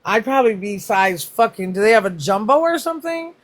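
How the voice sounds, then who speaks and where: A woman's voice: mid-range voice, lively intonation, a little fast. A woman hosting a casual livestream, chatting and reacting to comments, laughing often and swearing freely. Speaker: livestream host.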